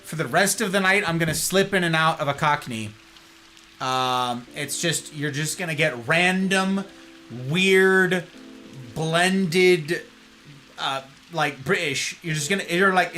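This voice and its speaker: A man's voice: high-pitched, unhurried, sharp tone, faint music behind. A man casually commentating a video game live, playful and chatty, greeting his viewers. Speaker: game streamer.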